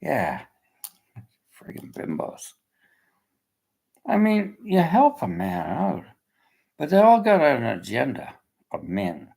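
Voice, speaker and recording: A man's voice: medium pitch, gravelly, a little mellow, husky, poor audio. An older man, delivering an agitated, profane personal rant in a blunt way. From Canada.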